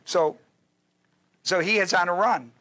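A man's voice: high voice, measured pace, bright, forceful tone. A male pastor teaching a sermon in a folksy, joking way, with restarts and asides to his listeners.

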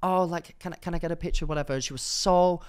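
A man's voice: on the high side, fast talker, clear, resonant tone. A man in his twenties co-hosting a podcast, chatting casually and expressively, swearing and acting out what people said. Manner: expressive, swears freely, acts out quotes. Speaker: podcast co-host. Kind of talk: casual chat.

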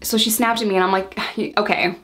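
A woman in her thirties tells a story from her own life to the camera. She talks casually and sounds exasperated, often acting out what she and others said in quick bursts. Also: medium pitch, steady tone, fairly bright tone. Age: 30s. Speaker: storytime vlogger.

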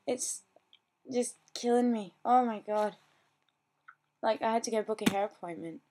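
A woman's voice: fairly high pitch, measured pace, noisy background. A teenage girl, chatting bubbly and scattered in a casual home vlog, often gasping and laughing. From Australia. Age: teens. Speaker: vlogger. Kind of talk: casual chat.

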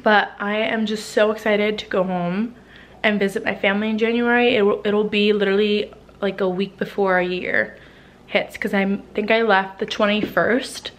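A woman's voice: mid-range voice, little pitch movement, normal speed. A young woman from New Jersey chatting casually in a home vlog, a little out of breath, full of "like" fillers and swearing. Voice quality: frequent "like" fillers, swearing, emotional. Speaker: lifestyle vlogger. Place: home living room.

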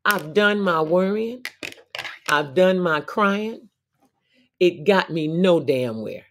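A woman's voice: fairly low pitch, animated, takes it slowly. Sassy woman preaching on a livestream. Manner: sassy, preachy, swings between soft reflection and loud outbursts; laughs often between phrases. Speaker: livestream host. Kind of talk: casual inspirational talk.

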